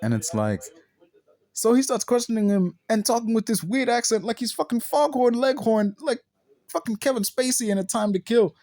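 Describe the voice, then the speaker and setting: A man's voice: very high-pitched, sing-song, moderate pace, darkish tone, no echo. A man ranting through a film review, exasperated and swearing heavily, firing off rhetorical questions. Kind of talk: profane ranting movie review.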